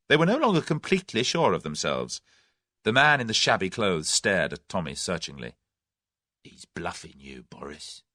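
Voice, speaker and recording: A man narrating a mystery novel in an expressive, dramatic reading. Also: lowish voice, no echo, clean studio sound. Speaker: audiobook narrator. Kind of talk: scripted narration.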